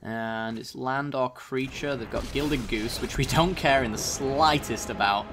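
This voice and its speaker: A man's voice: medium pitch, measured pace, a bit bright, faint music behind. A man casually commenting on his own card game as he plays, thinking aloud about each move. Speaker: gaming channel host.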